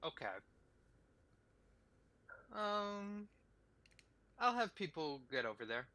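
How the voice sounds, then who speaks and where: A man's voice: high-pitched, sing-song, slow, bright, forceful tone. A young man playing in a tabletop game, talking in a casual, offhand way. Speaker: player.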